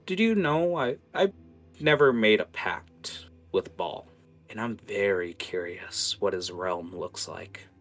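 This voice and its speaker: A man's voice: on the low side, animated, takes it slowly, fairly bright tone, soft background music, heavily acted. A man voicing a sly, sadistic woman who trades in information in a tabletop game, with a silky, scheming manner. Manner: silky, scheming, calls people dearie.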